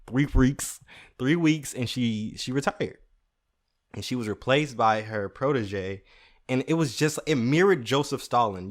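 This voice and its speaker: A young adult man hosting a show, telling comedic stories in a casual, animated way, swearing freely. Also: mid-range voice. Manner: animated, swearing, laughing at his own stories. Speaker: podcast host.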